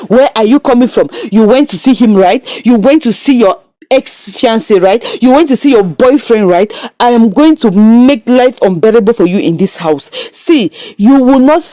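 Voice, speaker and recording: A woman's voice: a little high, expressive, moderate pace, dark tone, no room sound, natural voice. A woman retelling the lines of an angry, insulting father in a scolding, contemptuous tone.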